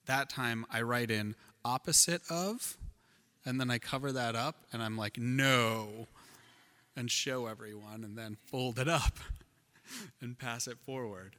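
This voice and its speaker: A man delivers a sermon in a church, his bright, forward voice rising and dropping as he tells a story. The sound carries a long, echoing reverb from the hall. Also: mid-range voice, measured pace. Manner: animated storyteller, shifts loud and soft. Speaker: pastor.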